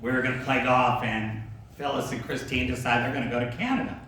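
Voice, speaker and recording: A man's voice: medium pitch, steady tone, quick pace, fairly bright tone. A man telling a laid-back, laughing anecdote about an old golf buddy, swearing freely and heard from far off in an echoey room. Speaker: storyteller remembering a friend. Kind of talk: casual anecdote. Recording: echoey room, mic from far off, ambient noise.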